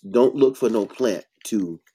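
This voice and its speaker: Male herbalist host, blunt and preachy, mellow dark tone, emphatic bursts. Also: fairly low pitch, unhurried, slightly rough. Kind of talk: casual health talk.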